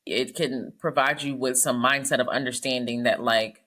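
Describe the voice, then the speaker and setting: A woman psychologist giving casual advice, talking fast and telling stories with animation. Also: a bass voice, steady tone, a bit bright.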